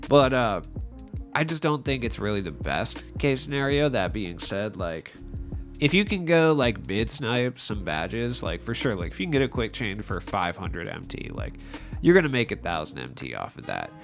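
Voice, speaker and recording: A man's voice: lowish voice, big pitch swings, moderate pace, vocal fry, soft background music. A young man talking through a gaming video with a nasal, allergy-stuffed voice, rambling and poking fun at himself. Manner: rambling and self-mocking, with frequent likes. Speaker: gaming YouTuber. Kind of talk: casual gaming commentary. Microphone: voice-over without face cam.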